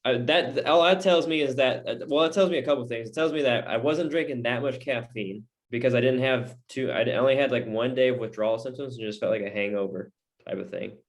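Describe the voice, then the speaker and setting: A man's voice: mid-range voice, brisk. A young man co-hosting a casual podcast chat, rambling and restarting his sentences. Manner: rambling, restarts often, talks about his diet. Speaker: podcast co-host.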